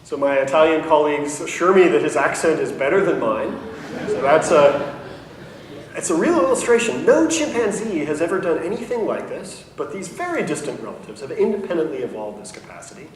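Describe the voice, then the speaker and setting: A university professor giving a conversational science lecture, explaining with light humor and correcting himself along the way. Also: male voice, medium pitch. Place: lecture hall. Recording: echoey hall, mic at a distance, faint noise.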